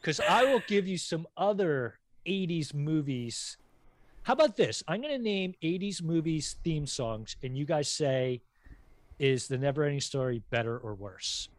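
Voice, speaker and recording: A man's voice: on the high side, animated, a little slow, no room sound. A man hosting a casual podcast chat, joking and teasing his guests while sharing movie music trivia. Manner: jokey, teasing, trivia-loving. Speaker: podcast host.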